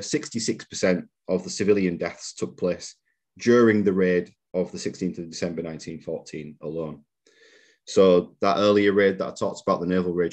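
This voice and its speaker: Male museum lecturer, somewhat low and husky, measured lecture delivery. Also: darkish tone. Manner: measured, reads out quotations, occasional fillers. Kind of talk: public history lecture. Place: lecture room.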